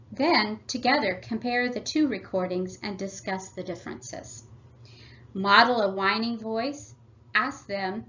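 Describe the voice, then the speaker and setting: A woman presenting a family workshop, reading a prepared script in a measured, instructive way. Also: medium pitch, a bit bright. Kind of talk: scripted read-aloud presentation. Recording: slightly dull lo-fi audio.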